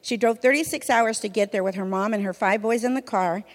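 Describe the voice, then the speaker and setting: A woman from a church sharing her testimony in a conversational, expressive way, often saying "you know". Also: medium pitch, fairly quick. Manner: fills speech with "you know", vivid and expressive. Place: church hall. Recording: reverberant hall.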